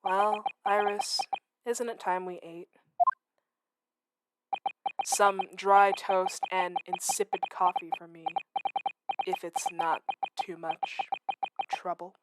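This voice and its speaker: A woman voicing a gloomy, theatrical male detective, speaking low, quiet and mournful. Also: steady tone, slow pace, pauses often, heavy background noise.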